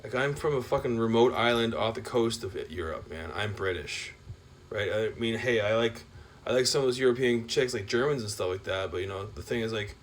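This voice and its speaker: Guy ranting to camera, swears a lot, rambles, keeps saying like, gets loud then mutters. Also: a little fast. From Canada. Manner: rambling, profane, full of "like" fillers; loud swings between raised outbursts and low mutters. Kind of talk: rambling monologue rant.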